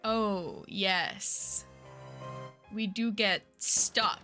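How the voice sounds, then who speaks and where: A woman's voice: a little high, big pitch swings, slow pace, sharp tone, soft background music. A woman streaming a mystery game, chatting casually, reading chat aloud and reacting with gasps and laughs.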